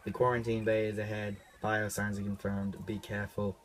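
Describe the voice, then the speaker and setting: A man with a cough reading lines as a blunt starship computer in a stiff, flat mock-robot delivery. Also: on the low side, moderate pace, a little hiss or hum, natural voice, poor audio. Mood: commanding. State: unwell, coughing. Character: ship's computer, blunt commanding AI.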